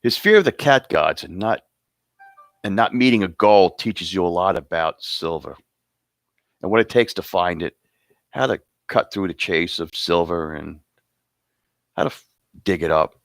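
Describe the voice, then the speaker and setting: A man's voice: low-pitched, expressive, measured pace, creaky, pauses often, no echo. A man hosting an awards show, rambling and joking casually between announcements. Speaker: host presenting awards.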